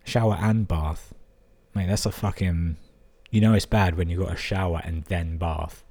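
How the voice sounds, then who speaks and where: Reading out emails from listeners, this male podcast host breaks in with crude, amused, sweary comments. His voice is low-pitched and warm, with fairly even intonation at a moderate pace.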